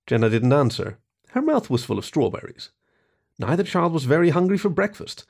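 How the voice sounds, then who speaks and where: Husky, gravelly male storyteller. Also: fairly high pitch, fairly quick. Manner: expressive reading. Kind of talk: scripted story narration.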